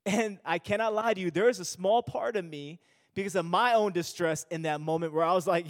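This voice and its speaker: A man's voice: high voice, a little fast, in a large hall. A male pastor giving an earnest sermon, repeating himself and restarting phrases as he speaks.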